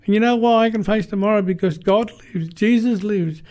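A man's voice: high-pitched, fairly quick, a little mellow. A middle-aged man preaching a sermon as a pastor, telling stories with passion and repeating phrases for emphasis.

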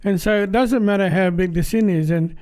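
An Australian man giving a personal church testimony in a plain-spoken, halting, earnest way. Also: high-pitched, a little mellow.

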